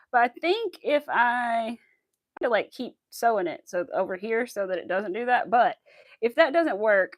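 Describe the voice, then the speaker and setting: A woman's voice: fairly high pitch, dry recording. A woman hosting a casual crochet livestream, chatting and giggling with viewers as she works. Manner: chatty and giggly, talking to viewers while crafting. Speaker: crafting channel host.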